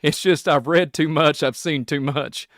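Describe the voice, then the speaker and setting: A man from Kentucky with a Southern accent, hosting a rambling solo podcast, excitable and laughing often as he jumps between topics. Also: a little high, measured pace, no echo, studio quality. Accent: Kentucky Southern American. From Kentucky, USA. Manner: excitable, laughing, puts on silly voices. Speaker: podcast host.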